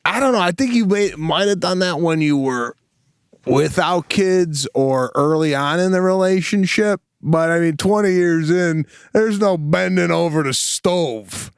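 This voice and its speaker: A man's voice: sits high, measured pace, smooth, no echo, clean studio sound. A man co-hosting a podcast, asking teasing questions in casual chat. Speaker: podcast co-host.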